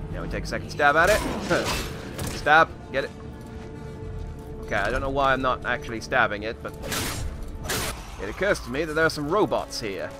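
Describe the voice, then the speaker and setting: A man's voice: medium pitch, sing-song, moderate pace, long pauses, music in the background. A man hosting a gaming video, making wry jokes and talking to himself while he plays. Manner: wry, joking, talks to himself while playing. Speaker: gaming channel host. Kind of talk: gaming commentary.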